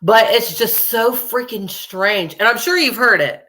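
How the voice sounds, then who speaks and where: A woman's voice: a little high, unhurried, sharp tone. A young adult woman hosting a casual true crime show, chatting to viewers in a rambling, profane way and laughing often. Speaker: true crime podcast host.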